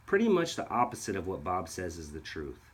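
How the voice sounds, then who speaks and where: A man's voice: low voice, wildly swooping pitch, a little fast, husky. A man narrating a video in an accusatory, sarcastic tone. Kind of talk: scripted narration.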